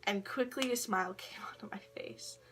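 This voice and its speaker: A woman's voice: medium pitch, normal speed, fairly bright tone, in a whisper. A teenage girl telling a long personal story to camera, rambling and swearing, with frequent laughs and quoted voices. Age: teens. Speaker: vlogger. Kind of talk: casual storytelling vlog.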